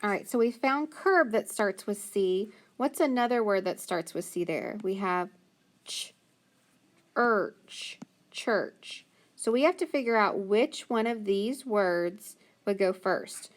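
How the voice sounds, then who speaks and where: Patient woman teaching phonics slowly. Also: medium pitch, lively intonation. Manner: slow, patient sounding-out of words. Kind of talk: phonics lesson for young children.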